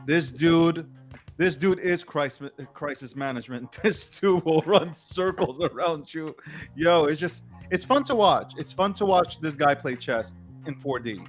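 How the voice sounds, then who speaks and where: A man's voice: fairly high pitch, expressive, a little slow, faint music behind. A man co-hosting a late-night news show, talking in a slangy, emphatic and rambling way in casual commentary.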